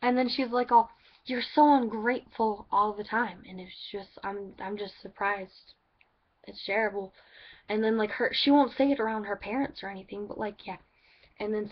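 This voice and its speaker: Woman vlogging casually, rambling and filler-heavy, flat monotone delivery, muffled lo-fi sound. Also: mid-range voice. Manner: rambling, full of "like" and restarts. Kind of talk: casual storytelling vlog.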